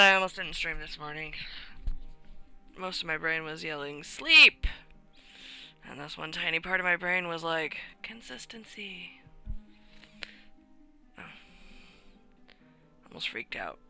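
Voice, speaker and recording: Livestreamer, casual morning chat at home, often half-whispered, very bright tone, faint music behind. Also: medium pitch, normal speed, pauses often. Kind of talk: casual live-stream chat.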